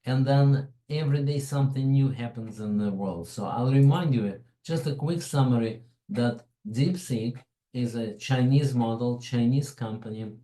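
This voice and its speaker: A man's voice: mid-range voice, moderate pace, mellow, reverberant, poor audio. A man with a foreign accent presenting a tech webinar in a chatty, digressive way, with frequent asides. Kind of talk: informal tech webinar talk.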